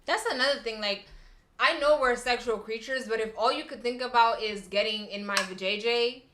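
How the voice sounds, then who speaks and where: A woman's voice: a little high, moderate pace, roomy sound, background noise. A young woman hosting a casual chat, talking in a blunt, sassy way. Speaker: podcast host.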